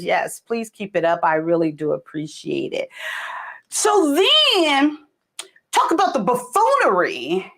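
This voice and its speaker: A woman in her forties hosting a casual livestream chat, telling stories with laughter and big leaps in her voice. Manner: animated storytelling with laughter and big pitch leaps. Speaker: livestream host.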